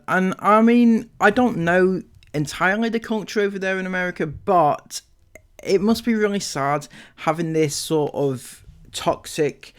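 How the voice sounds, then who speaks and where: Young guy ranting about comments, sarcastic and mocking, kinda high voice, lots of ums. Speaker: commentary channel host. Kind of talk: reacting to viewer comments.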